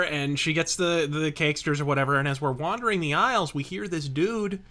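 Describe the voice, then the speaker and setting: Animated profane man telling a story. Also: fairly high pitch. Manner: profane, animated, laughing anecdote. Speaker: host. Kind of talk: casual storytelling while gaming.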